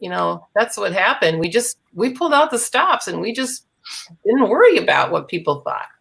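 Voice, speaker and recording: A woman's voice: mid-range voice, sing-song, moderate pace, gravelly, fairly bright tone, husky. A woman guest speaking in an earnest, encouraging way.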